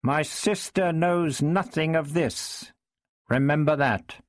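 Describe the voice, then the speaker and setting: A man's voice: a little high, takes it slowly, no room sound, clean studio sound, pitched above the performer's own voice. A man voicing a proud medieval king who speaks in a clipped, formal, commanding way. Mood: clipped stern.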